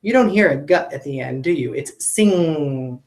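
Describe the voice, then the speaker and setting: Woman, phonics teacher for kids; low, patient, deliberate delivery; roomy echo. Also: animated, a little mellow. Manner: slow, patient, models sounds clearly. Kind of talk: video lesson for children.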